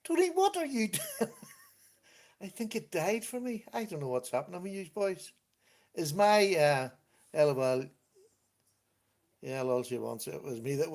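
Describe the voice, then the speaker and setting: A man at a computer at home, hosting a relaxed livestream. He talks in an easy, chatty way, laughs often, and reads out comments from viewers as they come in. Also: mid-range voice. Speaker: livestream host. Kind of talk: casual chat.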